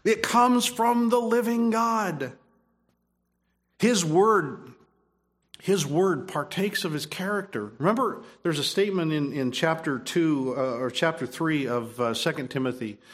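A man's voice: on the high side, normal speed. A man preaching a sermon, emphatic, repeating phrases and restarting his sentences. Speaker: pastor.

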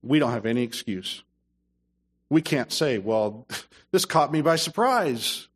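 A man preaching a sermon as pastor, dropping to low asides and rising to loud, emphatic passages. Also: animated, a little slow, pauses often.

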